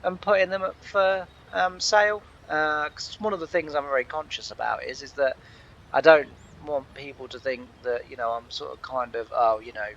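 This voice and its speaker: A man's voice: on the high side, steady tone, moderate pace, creaky, a bit bright, lo-fi sound. A man hosting a gaming channel, chatting casually and rambling, laughing often. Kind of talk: casual chat over gameplay.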